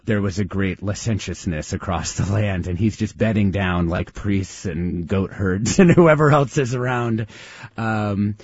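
A low-pitched man hosts a radio interview in a husky voice, circling his thoughts with hesitant restarts. The studio sound is dry and close, with a slightly muffled, dull broadcast tone. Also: a little mellow, no room sound. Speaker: radio host.

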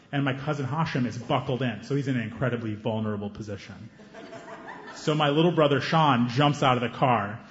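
A man performing a stand-up set on stage with a handheld mic, animated and acting out scenes, breaking into high excited yelps. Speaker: stand-up comedian. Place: comedy stage before a live audience. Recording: roomy, slightly dull live recording.

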